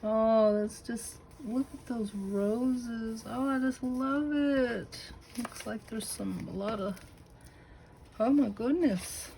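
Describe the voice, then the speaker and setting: A woman with a Southern US accent showing a crafted notebook to her camera at home, gushing with admiration and slipping into breathy asides. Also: on the high side, takes it slowly, warm tone, a little hiss or hum, poor audio. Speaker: craft channel host. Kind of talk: casual unboxing show-and-tell.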